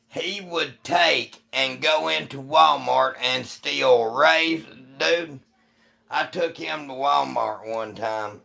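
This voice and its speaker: A man from the United States hosts a live stream and rambles through a profane story for his chat. His voice is heavily gravelly, with a bright, forceful edge, and he takes his time. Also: mid-range voice. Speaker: livestream host.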